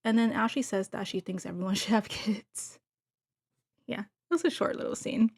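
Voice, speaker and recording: Casual female recap host, middle pitch, gossipy and gushing, talks straight to her viewers. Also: normal speed, vocal fry, a little mellow, husky. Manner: chatty, gushing asides to viewers.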